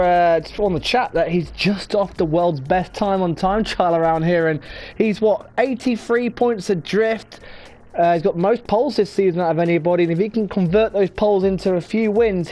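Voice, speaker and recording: A man leading an online sim racing commentary, energetic and building up the excitement, with quick self-corrections. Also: sits high. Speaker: lead commentator.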